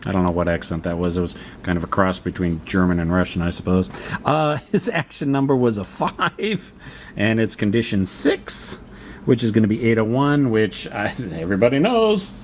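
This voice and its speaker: A man's voice: lowish voice, animated, moderate pace, a little hiss or hum. A man playing a solo board wargame, thinking aloud and reading the rules to himself as he works through each turn. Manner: muttering, reads rules aloud and reasons through them.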